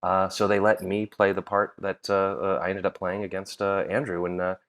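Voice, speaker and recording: A man's voice: deep voice, flat delivery, normal speed, fairly bright tone. A middle-aged man, a podcast guest and actor, chatting casually and telling stories with frequent laughs, fillers and restarts. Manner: storytelling, laughs often, many fillers and restarts. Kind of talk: casual chat.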